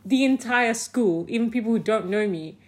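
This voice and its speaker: A woman casually telling a personal story, animated, swearing freely and packing her talk with "like". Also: fairly high pitch, moderate pace. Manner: often laughs mid-sentence.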